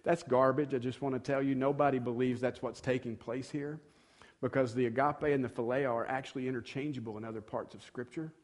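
A man's voice: medium pitch, steady tone, brisk. A male pastor giving a sermon in a conversational tone, acting out quoted dialogue and building to moments of emphasis.

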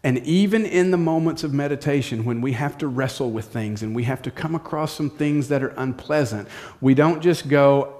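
A man's voice: medium pitch, moderate pace, darkish tone. A male pastor preaching a sermon in a direct, practical way, repeating short commands.

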